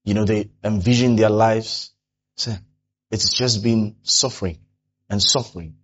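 A man preaches a sermon as a pastor, animated, and he keeps slipping into the voices of the people he describes. The recording is somewhat dull and lo-fi. A faint hum sits underneath his voice. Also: lowish voice, measured pace. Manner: animated preaching, acting out quoted complainers.

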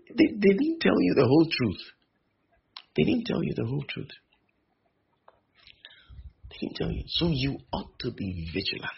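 A male preacher, repeating phrases for emphasis and slowing on key lines. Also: fairly high pitch, wildly swooping pitch. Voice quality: gravelly and very husky. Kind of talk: sermon. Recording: dull lo-fi recording.

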